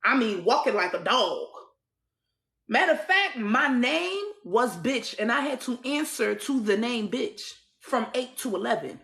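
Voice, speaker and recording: A woman's voice: fairly high pitch, very animated, a little slow, gravelly, a bit bright, roomy sound. A woman telling her own life story in an emphatic, repetitive way, often restarting her sentences. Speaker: survivor sharing her story. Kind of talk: personal storytelling.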